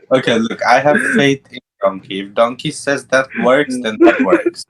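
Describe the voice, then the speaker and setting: A man's voice: medium pitch, wildly swooping pitch, measured pace, poor audio. A man co-hosting a casual podcast chat, joking crudely and playfully. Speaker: podcast co-host.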